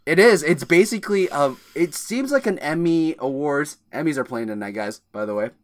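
A man's voice: on the high side, lively intonation, moderate pace, no room sound, clean studio sound. A man co-hosting a podcast, recapping movie scenes in casual chat with a teasing edge. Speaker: podcast co-host.

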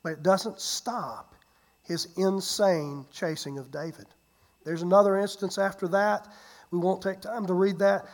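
A pastor preaching a sermon, retelling a Bible story with animated swings between loud and hushed delivery, often repeating and restarting words. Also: medium pitch, measured pace.

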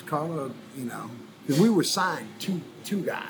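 A man's voice: on the high side, expressive, unhurried, gravelly, over music, poor audio. A man from New Orleans telling a long, rambling story in a casual interview. He swears freely and acts out the voices of people he quotes. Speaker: guest musician telling his story.

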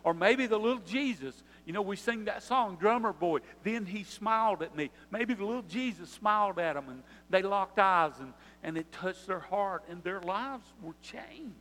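Older male pastor, high-pitched sermon voice, long hall reverb. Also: moderate pace, hardly any pauses, a bit bright. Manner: preaching with rising emphasis and repetition.

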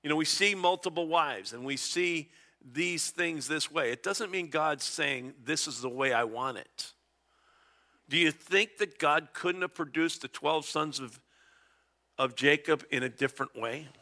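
A man's voice: on the high side, unhurried, pushed and bright. A middle-aged man preaching a conversational Bible-teaching sermon, chuckling often and acting out small dialogues. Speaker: pastor.

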